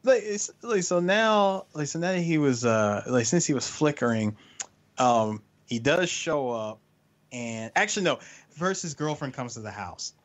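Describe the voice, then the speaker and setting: A man in casual chat, recapping a show and acting out its lines with big jumps in pitch. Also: unhurried. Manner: animated, acts out lines with big pitch swings.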